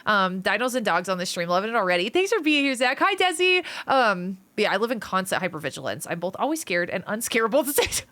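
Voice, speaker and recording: A woman's voice: medium pitch, sing-song, fast, few pauses, a bit bright. A woman livestreaming and chatting casually with her viewers, playful and teasing as she jokes around. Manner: playful, teasing, joking with chat. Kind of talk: casual live-stream chat.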